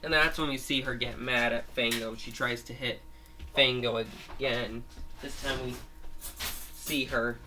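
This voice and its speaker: A man's voice: medium pitch, fairly even intonation, unhurried. A man casually retelling a monster story of his own, rambling with frequent restarts and fillers, at home with his grandmother nearby.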